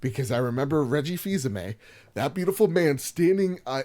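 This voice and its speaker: A man hosting a gaming podcast alone, joking and rambling as he swings from loud outbursts to quiet asides. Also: medium pitch, big pitch swings, moderate pace. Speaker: podcast host. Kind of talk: solo podcast chat.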